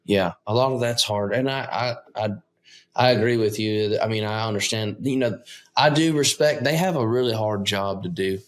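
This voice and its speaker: A man with a fairly low voice chatting on a podcast as a guest. He agrees a lot and often stops and restarts his sentences. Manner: agreeable, halting, many restarts. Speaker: guest musician. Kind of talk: casual conversation.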